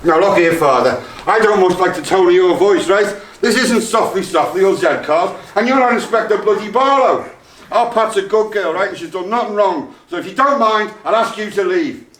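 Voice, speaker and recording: A man's voice: high voice, normal speed, fairly bright tone. An actor with a Liverpool accent playing a blunt, protective father. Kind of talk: stage play acting. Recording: distant echoey stage with faint noise.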